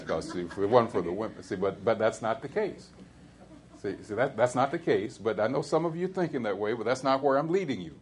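A man's voice: mid-range voice, lively intonation, slight background noise. Conversational male preacher. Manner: conversational preaching with rising emphatic peaks; halting restarts and fillers. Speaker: pastor. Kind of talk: sermon.

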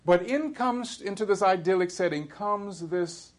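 A man preaching a sermon in a conversational way, pausing and restarting often, then climbing to emphatic high peaks. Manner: halting restarts and fillers. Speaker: pastor.

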